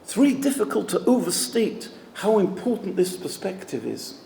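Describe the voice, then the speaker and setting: Man, rabbi, emphatic sermon-style talk, gravelly voice, echoey hall with a long reverb. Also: high voice, sing-song, normal speed, dark tone, slight background noise. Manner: storytelling, emphatic. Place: event hall.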